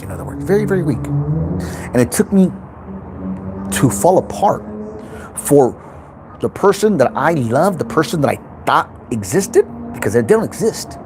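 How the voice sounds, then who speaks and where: A man's voice: mid-range voice, huge pitch swings, measured pace, darkish tone, slight background noise, rough recording. A man hosting his own self-help channel, giving an intense, unscripted motivational talk in which he repeats points and swears freely.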